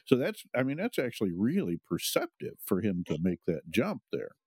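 A man co-hosting a podcast, thinking aloud with halting restarts in casual conversation. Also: on the low side, huge pitch swings, darkish tone, husky, dry recording.

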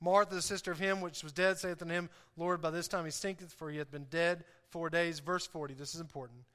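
A man preaching with a high, bright voice that rings back from a large hall with long reverb. He is emphatic, and he keeps turning to the congregation with questions for them to answer. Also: steady tone, fast talker. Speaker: pastor. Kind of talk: sermon.

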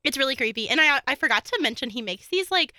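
Bright, clear-voiced young woman chatting. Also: high-pitched, animated, fast talker, dry recording. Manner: chatty, lots of fillers and laughter. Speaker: true crime podcast co-host. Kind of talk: casual chat.

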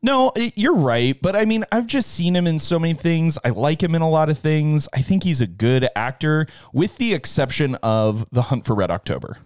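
Guy on a movie podcast, bouncy animated voice, dry close sound, laughs a lot. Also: on the high side, moderate pace, hardly any pauses, dry recording. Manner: chatty, laughs often. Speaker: podcast co-host. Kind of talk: casual movie chat.

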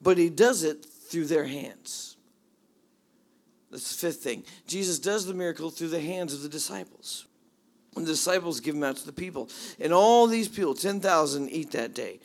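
A man preaching a sermon, animated as he retells the story, swinging from hushed asides to excited bursts. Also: on the high side, moderate pace, gravelly. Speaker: pastor.

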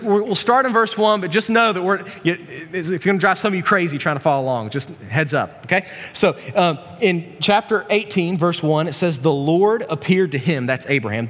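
A man's voice: fairly high pitch, fairly bright tone. A man preaching a casual, joking sermon, folksy and full of asides and restarts, in a church hall.

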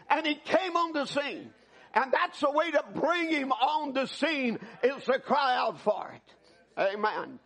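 A man preaching a sermon at a church service, swinging between loud, fervent appeals and hushed, prayerful passages. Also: very high voice, animated, unhurried.

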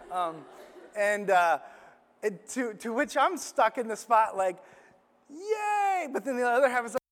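Brief: middle-aged male pastor, higher voice, storytelling sermon, long hall echo. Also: unhurried, long pauses. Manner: personal storytelling, animated and self-deprecating.

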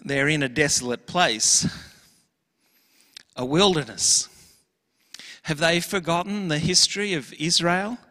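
A man preaches in a church, earnest and emphatic. His voice sits a little high and rings bright. The hall behind him lets every phrase trail off in a long echo. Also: unhurried, pauses often. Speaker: pastor. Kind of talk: sermon.

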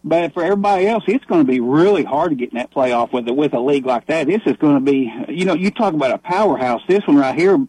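A man's voice: a little high, quick pace, hardly any pauses, dark tone, husky, low-quality recording. A man calling in to a sports talk radio show, talking enthusiastically in a rambling way. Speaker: caller.

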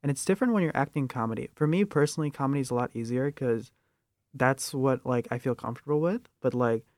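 Young man, student actor, halting speech, easy laughs, dry close sound. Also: mid-range voice, a little mellow, no room sound. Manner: hesitant, halting, laughs easily. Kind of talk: casual panel chat.

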